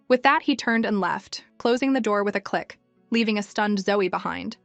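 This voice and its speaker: A woman narrating a manhwa recap in an even storytelling way, over faint music. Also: mid-range voice, moderate pace, vocal fry, dry recording. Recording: dry, music faint behind.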